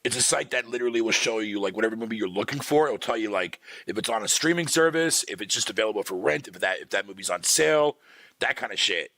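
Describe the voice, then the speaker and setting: A man's voice: lowish voice, quick pace, sharp tone, no echo. A man streaming, ranting casually with heavy profanity, laughing often. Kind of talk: casual livestream rant.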